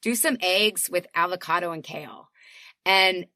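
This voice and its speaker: A woman in her thirties, a guest on a podcast, talking in a lively casual way, laughing often and acting out little quotes. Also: on the low side, moderate pace, no room sound, clean studio sound. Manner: animated, laughs often, acts out voices in quotes. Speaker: podcast guest, health coach. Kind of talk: casual chat.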